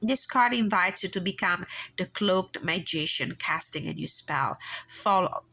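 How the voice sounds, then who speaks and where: A woman with a congested, nasal voice talks through a personal tarot reading in a calm, reflective way. Her voice sits a little low and has a gravelly fry, yet it sounds bright and crisp on top. She reads guidebook passages aloud at an unhurried pace, often pausing on fillers. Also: poor audio. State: congested, nasal from blocked sinuses. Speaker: tarot reader and channel host.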